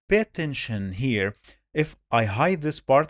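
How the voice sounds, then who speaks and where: Male teacher, slow, dry close sound, repeats sounds for beginners. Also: mid-range voice, very animated, no echo. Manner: drills sounds by repeating them many times. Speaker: Arabic reading teacher. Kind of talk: slow step-by-step pronunciation lesson.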